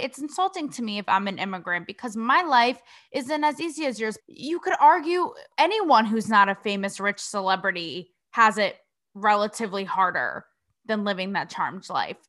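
A woman's voice: a little high, sharp tone. A young adult woman from Connecticut hosting a podcast, delivering blunt, sassy commentary full of swearing and rhetorical questions. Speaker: podcast host. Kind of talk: casual commentary monologue.

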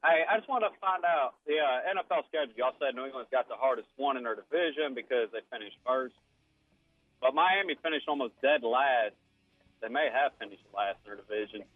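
A man's voice: mid-range voice, fast, few pauses, no echo, faint music behind. A man calls in to a sports radio show. He sounds curious and easygoing, and his voice comes through a thin, phone-line sound. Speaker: caller.

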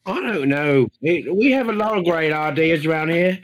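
A man's voice: fairly high pitch, lively intonation, moderate pace, lightly acted. A man playing a bumbling, rambling Australian co-host in an improvised comedy sketch, with a put-on Australian accent. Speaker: podcast co-host.

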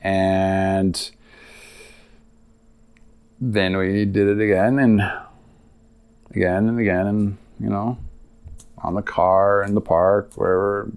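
A man's voice: lowish voice, fairly even intonation, slow pace, long pauses, a little mellow, clear, resonant tone. A man hosting a podcast, telling a long personal story in a rambling, confessional way with many fillers. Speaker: podcast host. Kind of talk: casual storytelling monologue.

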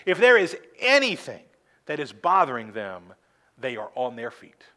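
A man preaching a sermon from a church pulpit, earnest, slowing down for emphasis and adding dry humor. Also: mid-range voice, very animated, sharp tone. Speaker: pastor.

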